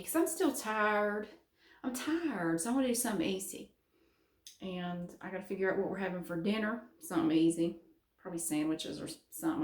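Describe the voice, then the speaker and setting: A middle-aged woman from the American South with a Southern accent, chatting casually in a vlog and laughing often. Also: medium pitch. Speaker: vlogger. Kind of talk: casual chat. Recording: roomy echo.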